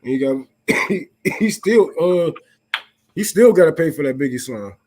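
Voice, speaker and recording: Slightly high-voiced guy, blunt, swears a lot, podcast chat. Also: lively intonation, normal speed, background noise. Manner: blunt and profane. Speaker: podcast co-host. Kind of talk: casual chat.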